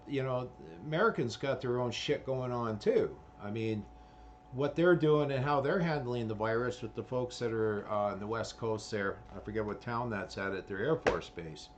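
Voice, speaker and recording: A man's voice: medium pitch, a little hiss or hum. Swearing, rambling man. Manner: profane, rambling, full of fillers. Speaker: vlogger. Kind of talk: ranting commentary.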